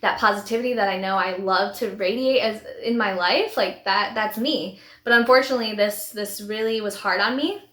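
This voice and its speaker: A woman's voice: medium pitch, moderate pace, hardly any pauses, bright, forceful tone. A woman in her thirties, a vlogger telling her personal story in a heartfelt, rambling way with many restarts. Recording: echoey room.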